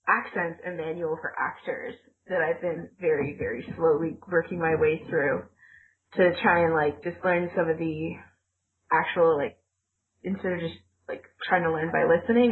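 A woman's voice: fairly low pitch, creaky. A woman co-hosting a podcast in casual chat, talking in a rambling way with lots of fillers. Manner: chatty, rambling with many "like" fillers. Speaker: podcast co-host. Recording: tinny call line.

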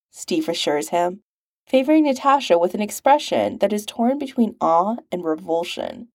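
A woman reading a story aloud as narrator, wry and expressive. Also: lowish voice, unhurried, no room sound, clean studio sound. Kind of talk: reading fan fiction aloud.

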